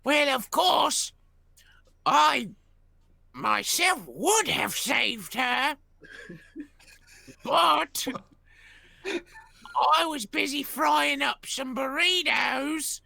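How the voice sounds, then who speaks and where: A player voicing a bumbling male royal cook in a rough, folksy put-on voice, in a tabletop game. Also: extremely high pitch, lively intonation, slow, bright, forceful tone, no echo, exaggerated voice. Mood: loud. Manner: rough folksy drawl, says "me ears".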